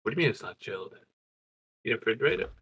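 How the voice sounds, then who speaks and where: A man's voice: on the low side, big pitch swings, quick pace, vocal fry, a bit bright, slightly rough. A man chatting casually on a podcast, joking and teasing his co-host and laughing often.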